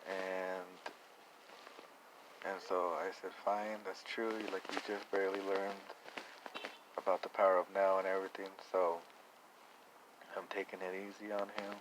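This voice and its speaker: A young man telling a personal story in a reflective, rambling way, with many halting restarts. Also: low-pitched, little pitch movement, noisy background. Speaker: vlogger.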